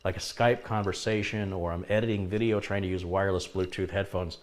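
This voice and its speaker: A man's voice: low voice, steady tone, a little fast. A middle-aged man hosting a live chat stream, reading viewer comments aloud and answering them in a chatty way, laughing now and then at his own remarks.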